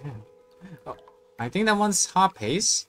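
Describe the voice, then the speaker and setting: A woman's voice: medium pitch, big pitch swings, unhurried, a bit bright, faint music behind. A woman streaming a horror game, reacting with nervous exclamations and muttered curses. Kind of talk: casual gameplay commentary.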